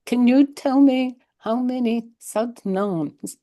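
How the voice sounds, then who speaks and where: A woman in a class on a video call, politely asking the teacher to repeat and clarify things. She talks slowly in a mellow, slightly higher voice, and the sound is dry. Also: no room sound. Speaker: class participant.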